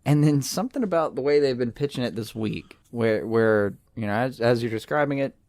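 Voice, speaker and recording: A man's voice: mid-range voice, fairly quick, a little mellow, dry recording. Musing man on a podcast, dry sound. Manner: muses aloud, trails off, repeats words. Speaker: podcast co-host. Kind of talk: casual podcast chat.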